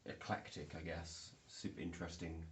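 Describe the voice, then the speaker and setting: A man's voice: deep voice, completely flat delivery, normal speed, a little hiss or hum. A young man rambling through a casual vlog, full of ums and restarts, recorded indoors. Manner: rambling, filler-heavy storytelling. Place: indoor room. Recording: echoey room.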